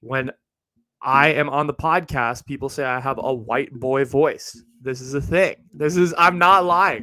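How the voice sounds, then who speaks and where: A man's voice: fairly high pitch, sharp tone, no room sound, poor audio. A young man hosting his own podcast, rambling in a casual monologue with plenty of swearing and joking asides. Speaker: podcast host. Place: home recording setup with a ring light.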